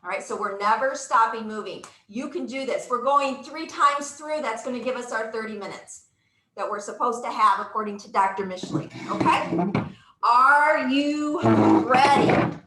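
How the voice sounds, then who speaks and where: A woman's voice: fairly high pitch, moderate pace, pushed and bright, echoey room, a little hiss or hum, low-quality recording. A woman leading a live exercise class, upbeat and encouraging, counting out moves with whoops and getting out of breath. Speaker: exercise instructor.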